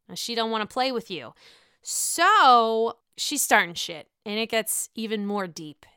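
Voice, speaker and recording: A woman's voice: mid-range voice, pushed and bright, clean tone, dry recording, studio quality. A young woman hosting a casual, profane, gossipy recap of a reality show, full of gasps and exclamations.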